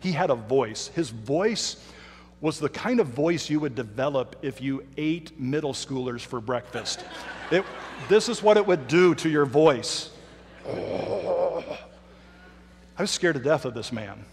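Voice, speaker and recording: A man's voice: mid-range voice, slight background noise. Man preaching in a reverberant church. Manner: storytelling, emphatic with dramatic slowdowns. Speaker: pastor. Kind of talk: sermon with personal story. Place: church sanctuary. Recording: reverberant hall.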